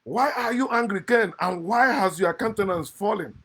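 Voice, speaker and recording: A man giving a passionate, mocking monologue on scripture, swinging from loud outbursts to low muttered asides. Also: animated, normal speed, husky. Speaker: online speaker critiquing scripture.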